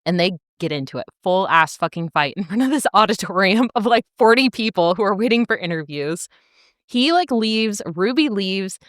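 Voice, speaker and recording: A woman's voice: mid-range voice, normal speed, no room sound, studio quality. A woman co-hosting a podcast, casually retelling a TV plot, acting out lines and laughing often. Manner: animated storytelling, acts out characters' lines, laughs often, swears. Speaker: podcast co-host. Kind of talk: casual chat recapping a show.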